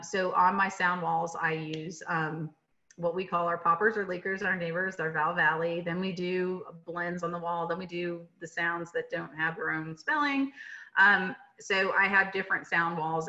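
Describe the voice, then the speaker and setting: A woman's voice: on the low side, pushed and bright. A woman from Atlanta, Georgia, giving a webinar lecture on teaching reading in a conversational way, with many fillers and tag questions. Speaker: literacy presenter. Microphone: video call. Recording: dull lo-fi webinar audio.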